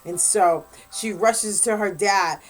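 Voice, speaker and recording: A woman's voice: mid-range voice, slow pace, faint music behind. A woman, a guest reviewer, casually retelling a book's plot in a rambling way, full of "like" and "blah, blah.". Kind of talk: casual spoken book recap.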